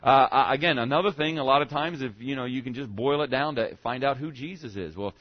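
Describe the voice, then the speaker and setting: A man's voice: mid-range voice, a little fast, no echo, highs cut off. Conversational male pastor preaching. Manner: conversational preaching, asks the congregation questions. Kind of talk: sermon on evangelism.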